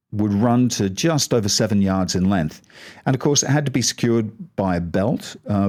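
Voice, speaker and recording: A man with a somewhat low voice talks through history as a podcast host. His delivery is relaxed and conversational, full of little asides and personal verdicts. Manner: chatty, digressive, rates things out of ten. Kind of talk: casual history podcast talk.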